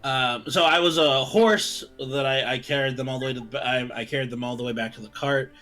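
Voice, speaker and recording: A man's voice: medium pitch, brisk, bright, forceful tone, soft background music. A young man playing a tabletop game, describing his character in a hesitant way with many restarts. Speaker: player.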